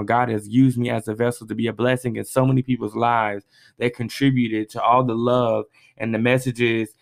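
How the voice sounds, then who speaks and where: Animated young man hosting a podcast. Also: medium pitch. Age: 20s. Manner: animated, reads messages aloud with feeling. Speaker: podcast host. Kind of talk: casual solo podcast talk.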